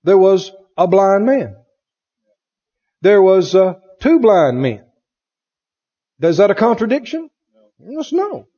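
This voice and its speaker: A pastor gives a folksy sermon, his high, husky, mellow voice swooping up and down as he acts out the people in his stories, laughing and quoting them. He speaks slowly and sing-song with long pauses, while the congregation answers amen. The recording is dull and lo-fi, with a church sanctuary's long reverb.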